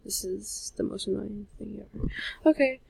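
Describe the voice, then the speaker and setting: A woman's voice: medium pitch, normal speed, creaky, a little mellow, breathy edge, no room sound, low-quality recording. A woman rambling through casual gameplay commentary into a handheld mic as she types and plays, often trailing off and joking at her own expense. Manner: rambling and self-mocking, trailing off; talking while typing and playing. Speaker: gaming vlogger. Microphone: handheld microphone.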